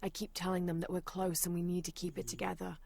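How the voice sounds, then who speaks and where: An actress voicing a female adventurer in a video game, reading old journal entries aloud in a measured, serious way. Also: lowish voice, level tone, vocal fry, darkish tone. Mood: grim.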